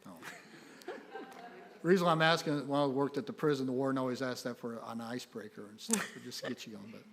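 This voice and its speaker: A man running a city council meeting as mayor, relaxed and folksy, cracking small jokes. His voice rings out in a reverberant council chamber through a desk microphone. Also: medium pitch, brisk, gravelly. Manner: friendly, joking, folksy. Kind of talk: chairing a public meeting, casual asides.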